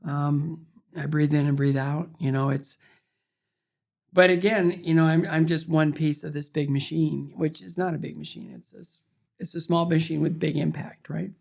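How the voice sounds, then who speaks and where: Gravelly older man telling stories. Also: a little high, normal speed. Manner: animated storyteller, acts out quoted voices. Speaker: interview guest, former figure skater. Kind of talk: storytelling in conversation.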